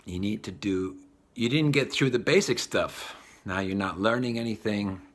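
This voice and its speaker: A man giving a spiritual talk, animated and acting out the voices of the people he describes. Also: lowish voice, normal speed. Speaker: spiritual teacher.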